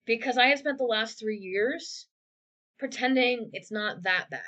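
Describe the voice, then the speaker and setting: A woman's voice: fairly high pitch, unhurried, sharp tone, highs cut off. Earnest, wry woman podcaster. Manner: earnest, reflective, wry sarcasm. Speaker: podcast co-host. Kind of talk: candid conversational podcast talk. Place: home, video call.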